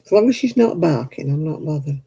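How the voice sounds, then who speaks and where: A woman's voice: low voice, expressive, fairly quick, gravelly, warm tone, husky, rough recording. A woman hosting a crafting livestream, chatting casually with viewers and grumbling about television. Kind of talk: casual chat with viewers while crocheting.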